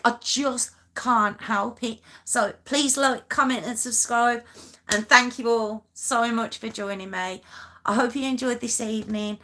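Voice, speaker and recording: A woman's voice: fairly high pitch, measured pace, bright, forceful tone. A woman hosting a live stream, chatting casually with viewers in a giggly, self-mocking, rambling way. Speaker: true crime live-stream host.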